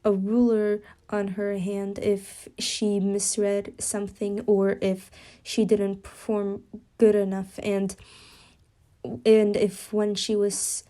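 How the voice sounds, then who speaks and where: A woman's voice: mid-range voice, completely flat delivery, slow, warm tone. A young woman casually narrating a fan story she makes up as she goes, rambling with fillers and self-corrections.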